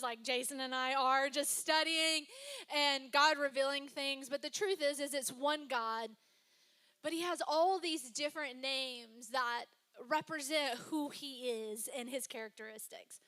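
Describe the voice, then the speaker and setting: A young woman pastor preaches from a church stage into a microphone. Her voice sits high and rings bright. She talks in a chatty, personal way, telling stories and tossing in asides to the congregation. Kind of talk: sermon.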